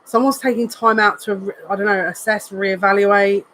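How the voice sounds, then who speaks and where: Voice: medium pitch, little pitch movement, normal speed, sharp tone, slight background noise, rough recording. A psychic reader giving a live tarot card reading in an earnest, emotional way, repeating phrases and thinking aloud as they turn the cards. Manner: emotional, says they are near tears.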